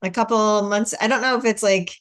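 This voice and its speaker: A woman's voice: mid-range voice, steady tone, fairly quick. A middle-aged woman hosting a casual video-call chat, talking loosely with lots of fillers. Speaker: host.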